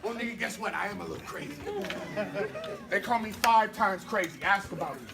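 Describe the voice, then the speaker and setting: Loud brash Bay man, far off. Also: sits high, a little fast, creaky. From San Francisco, California. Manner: loud, brash and playful, swelling into shouted declarations. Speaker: spoken word poet. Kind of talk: slam poetry performance. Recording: far from the mic, noisy crowd.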